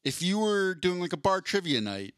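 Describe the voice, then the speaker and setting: A man's voice: sits high, very animated, moderate pace, fairly bright tone, clear, resonant tone, dry recording, studio quality. A man co-hosting a podcast in casual chat, rambling through stories with a self-deprecating, jokey manner. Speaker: podcast co-host.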